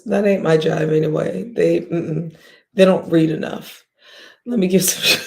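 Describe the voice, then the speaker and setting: A woman's voice: fairly low pitch, vocal fry, darkish tone. A woman hosting a livestream, ranting bluntly and profanely at her viewers with scoffs and sighs. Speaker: livestream host.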